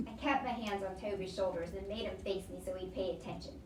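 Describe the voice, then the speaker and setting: A teacher reading a novel aloud in an expressive storybook voice. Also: female voice, mid-range voice, brisk, slight background noise. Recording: echoey room, distant mic.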